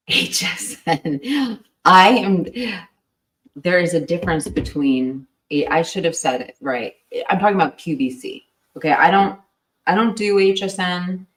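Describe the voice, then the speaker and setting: A chatty woman co-hosts a true crime livestream, laughing often and filling her sentences with "like." Her voice sits fairly low. She sounds set back from the mic in a roomy space. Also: animated, recorded from a distance. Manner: chatty, quick to laugh, lots of "like". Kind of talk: casual livestream chat.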